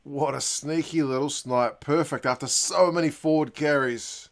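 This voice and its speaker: A man hosting a live rugby watch-along, giving chatty play-by-play that bursts into loud, excited shouts and mild swearing. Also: fairly high pitch, normal speed. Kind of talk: live sports reaction commentary.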